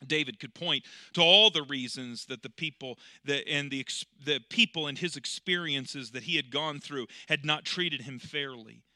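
A man preaching a sermon, swinging between loud, emphatic passages and quiet, drawn-out storytelling, slowing on key words. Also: a little high, no echo, clean studio sound. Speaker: pastor.

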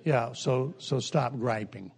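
An older man preaching a humorous sermon in a folksy, joking way, with sudden jumps in pitch and pace. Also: takes it slowly, creaky, darkish tone.

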